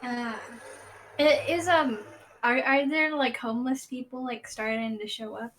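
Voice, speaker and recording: Woman player, fairly high voice, stammering, faint noise behind. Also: steady tone, a bit bright. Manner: stammering, halting, lots of fillers. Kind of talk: playing a tabletop game.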